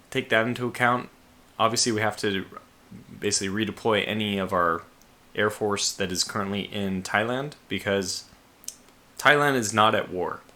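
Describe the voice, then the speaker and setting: A man with a lowish but bright, forceful voice talks through a strategy game at his desk. He thinks aloud, restarts his sentences and sounds a little sleepy, stifling yawns. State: sleepy, yawning. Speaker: let's play host. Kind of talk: casual game commentary.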